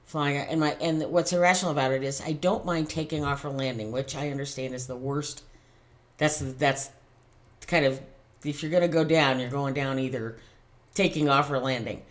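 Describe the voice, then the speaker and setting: Low-voiced woman telling a story casually. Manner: animated anecdote-telling with laughs and restarts. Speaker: tarot channel host.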